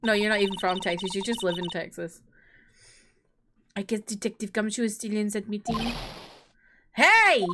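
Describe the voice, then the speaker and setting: A woman's voice: mid-range voice, little pitch movement, brisk, long pauses, background noise. A young woman streamer chatting playfully with her viewers while playing a game. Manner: playful, laughs often, talks to chat. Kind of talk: casual gaming chat. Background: game music.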